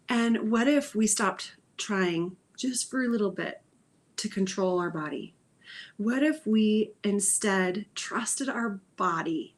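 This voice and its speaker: A woman hosting a spiritual livestream as an intuitive healer. She talks softly and meanders, repeating phrases meditatively, with frequent sighs and whispered phrases. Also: medium pitch, expressive, slow.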